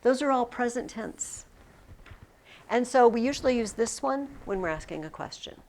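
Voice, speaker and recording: A woman teaching a Latin class in a classroom, explaining slowly with frequent restarts. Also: on the high side, lively intonation, a little mellow. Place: classroom with students.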